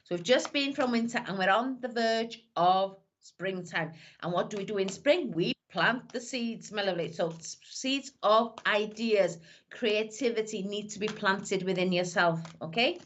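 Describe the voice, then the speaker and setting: Greeting her live-stream audience and doing readings, a woman psychic medium chats fondly, calling everyone "my lovely." Her mid-range voice moves at normal speed, and the audio has the highs cut off plus a little hiss or hum.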